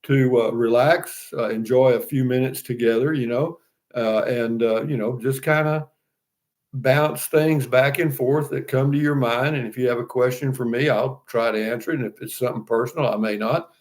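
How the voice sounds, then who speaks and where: A man's voice: medium pitch, steady tone, normal speed, darkish tone. An older man hosting a casual livestream, chatting in a folksy, rambling way and reading out viewer comments. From Texas. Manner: folksy, rambling, many fillers and restarts. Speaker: livestream host.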